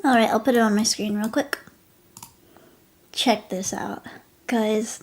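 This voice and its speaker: A young woman streaming live, chatting casually and gushing, often dropping into soft whispers. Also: fairly high pitch, slow pace.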